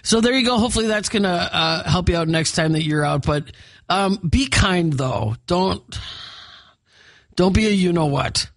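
A man's voice: high voice, expressive, normal speed, fairly bright tone, dry recording. A man with a Minnesotan accent co-hosting a morning radio show, chatty and laughing often as he reads station announcements in a studio. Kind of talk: casual on-air banter. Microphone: studio microphone.

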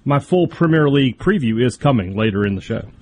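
A man's voice: mid-range voice, animated, a little fast, darkish tone, slight background noise. A man co-hosting sports radio, good-humored and a little defensive, often restarting his sentences. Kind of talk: casual sports radio banter.

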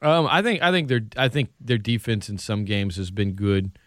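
A man hosting sports talk radio in casual chat, animated and laughing often. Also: lowish voice, normal speed, dry recording, studio quality.

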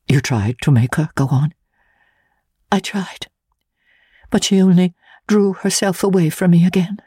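A woman reads a classic novel aloud in the first person, grave and measured. Her delivery is slow, and the sound is close and dry. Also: on the low side, warm tone, husky, no room sound. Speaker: audiobook narrator. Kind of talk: scripted narration of a classic novel.

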